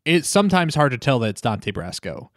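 Male co-host, middle pitch, playful storyteller, dry close sound. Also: sing-song, fairly quick, fairly bright tone, dry recording. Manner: joking, laughs often, acts out lines. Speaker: podcast co-host. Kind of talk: casual chat.

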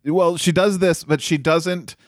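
A man's voice: a little high, fairly even intonation, a little slow, no room sound, clean studio sound. Sardonic laughing man on a podcast. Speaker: podcast co-host. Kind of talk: casual film discussion.

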